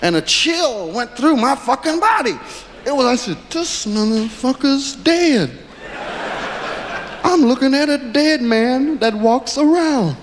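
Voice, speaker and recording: A man telling stories in stand-up, profane and animated, in a live club recording with crowd noise. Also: very high voice, moderate pace, long reverb tail. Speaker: stand-up comedian. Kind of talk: stand-up storytelling.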